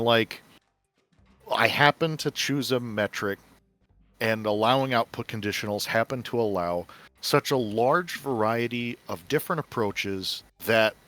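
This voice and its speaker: A man's voice: medium pitch, a bit bright. A man who made the week's puzzle, talking about it in a rambling casual way, often repeating words. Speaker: puzzle designer on a community stream. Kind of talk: casual chat.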